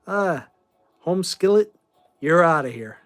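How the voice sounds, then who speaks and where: Boston guy in his 40s chatting on a stream, offhand and blunt, kinda high voice. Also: expressive, takes it slowly, fairly bright tone. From Boston, Massachusetts. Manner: rambling, offhand, blunt opinions. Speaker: host. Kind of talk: casual livestream chat answering viewer questions.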